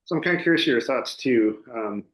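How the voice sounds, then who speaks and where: A man hosting a podcast, asking relaxed, curious questions. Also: mid-range voice, fairly quick. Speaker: podcast host. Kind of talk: casual interview questions. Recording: echoey room sound.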